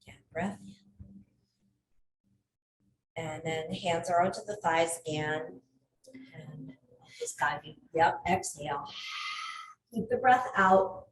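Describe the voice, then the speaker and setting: A woman yoga instructor guiding a class with calm, unhurried cues and occasional laughing asides about herself. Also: lowish voice. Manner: calm cueing with light self-laughing asides. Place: athletic club studio. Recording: roomy echo from far off, faint ambient noise.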